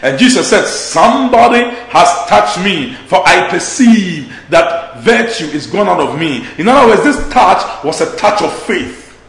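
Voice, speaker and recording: Guy preaching a sermon, high gravelly voice, drags out the bible verses slow, echoey room. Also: sing-song, a bit bright. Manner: exhorting, slows to a drawl on scripture.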